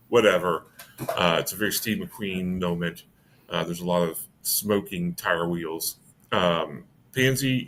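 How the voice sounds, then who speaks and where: Bright-voiced rambling male game master. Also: lowish voice, slight background noise. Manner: rambling, self-correcting narration. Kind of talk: narrating a tabletop game.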